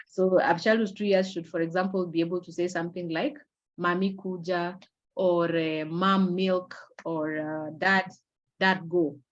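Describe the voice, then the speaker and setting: Low-voiced woman giving a webinar talk. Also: muffled recording. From Kenya. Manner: measured, explanatory, with frequent fillers and restarts. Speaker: webinar presenter. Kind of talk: online awareness lecture. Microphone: video call.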